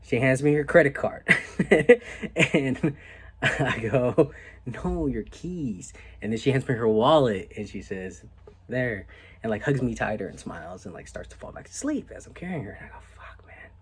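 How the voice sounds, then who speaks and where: A young man casually telling a story on his vlog, animated and laid-back, with a lot of "like" and some swearing. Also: medium pitch, normal speed, husky. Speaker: vlogger.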